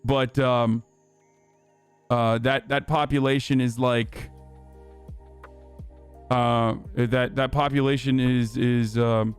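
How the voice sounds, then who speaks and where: A man's voice: mid-range voice, level tone, slow, pauses often, clean tone, soft background music. A man hosting a livestream, giving heated, profane commentary with lots of fillers. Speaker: livestream host.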